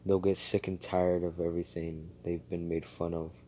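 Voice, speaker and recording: A man's voice: deep voice, little pitch movement, moderate pace, dark tone, a little hiss or hum, close to an everyday voice. A man voicing a hotheaded young male hero who talks bluntly and swears a lot. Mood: earnest. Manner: profane, blunt.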